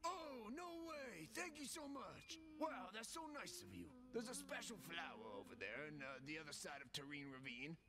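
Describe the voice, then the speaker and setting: A folksy alien goop vendor in a video game, with a friendly, rambling drawl. His voice sits a touch high and swings lively up and down. He chats along as he explains himself. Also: moderate pace, few pauses.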